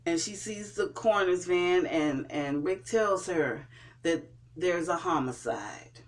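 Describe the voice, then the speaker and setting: A vlogger recapping and reviewing a TV episode in a casual way, pausing often and restarting sentences. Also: mid-range voice. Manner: hesitant, with frequent fillers and restarts. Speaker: TV show reviewer.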